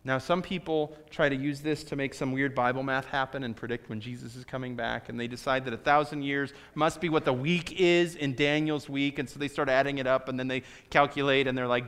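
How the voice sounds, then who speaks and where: Casting: male pastor, smooth resonant voice, conversational preaching, long hall reverb. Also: medium pitch, flat delivery, fairly bright tone. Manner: conversational preaching with dramatic pauses and swings in volume. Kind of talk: sermon.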